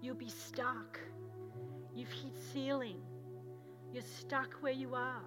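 An Australian woman pastor giving a sermon, telling a story and moving from loud urgency to hushed, intense moments. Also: high-pitched, steady tone, takes it slowly, over music.

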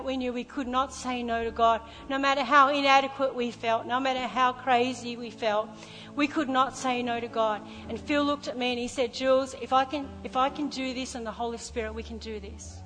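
A middle-aged woman pastor preaching a sermon, telling a story with passion, sometimes hushed and sometimes loud. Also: sits high, in a large hall. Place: large church hall.

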